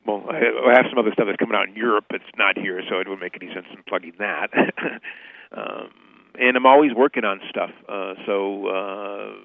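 A man's voice: lowish voice, steady tone, moderate pace, no echo. A man who works as a voice actor, interviewed as a guest and speaking hesitantly. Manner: hesitant, gravelly. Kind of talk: phone interview. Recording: dry, tinny phone line.

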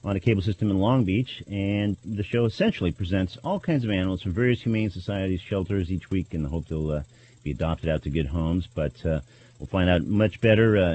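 A man's voice: on the low side, mellow, lo-fi sound. A man hosting a college radio talk show, announcing with frequent hesitations and fillers. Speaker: radio host.

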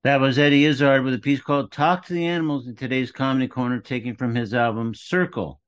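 A man hosting a radio interview show, speaking in a measured, enthusiastic way. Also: mid-range voice, fairly even intonation, clean tone.

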